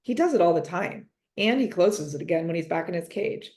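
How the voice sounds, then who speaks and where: A woman reading a children's chapter book aloud, gentle and expressive, in first person. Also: on the low side, a little fast. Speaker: reader. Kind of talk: storybook read-aloud.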